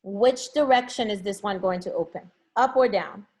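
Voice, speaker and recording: A woman's voice: medium pitch, normal speed, a little mellow. A woman teaching an online class from home, coaxing her students to answer with lots of encouragement. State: has a headache.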